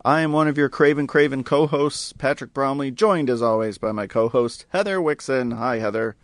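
A man's voice: mid-range voice, moderate pace, dry recording. Guy cohosting a movie podcast, laughs a lot, dry close sound. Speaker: podcast co-host. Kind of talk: casual podcast chat.

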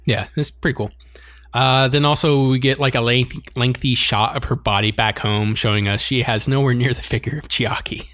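A man in a casual co-hosted chat, retelling an anime episode with lively delivery and frequent laughter. His voice sits at an ordinary middle pitch. The sound is dry and close, with almost no room around it. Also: moderate pace, no room sound. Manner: animated, laughs often while recounting scenes. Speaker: podcast co-host.

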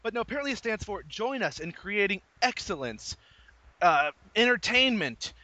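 Bright high-voiced young man, dry sound. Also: normal speed, no room sound. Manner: laughing often, animated storytelling. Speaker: new call center employee. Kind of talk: casual chat.

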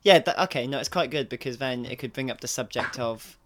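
A man's voice: mid-range voice, brisk. A man in a casual chat who talks in a playful, giggly way.

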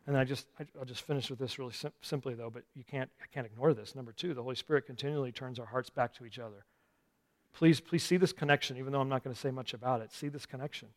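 Impassioned pastor preaching in a reverberant hall. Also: male voice, mid-range voice. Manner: impassioned preaching with wide swings from loud to soft. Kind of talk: sermon. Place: church sanctuary. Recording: long reverb of a large hall.

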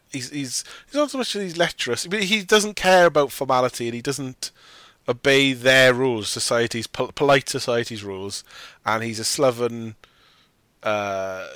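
A man's voice: mid-range voice, a bit bright, dry recording. A man hosting a casual film discussion, rambling and often correcting himself as he argues his opinions. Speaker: podcast host.

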